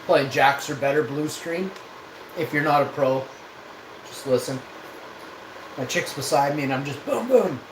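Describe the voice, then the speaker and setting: A man's voice: fairly high pitch, measured pace, pauses often. A man, a live streamer telling a casual, rambling and profane story. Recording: echoey room with background noise.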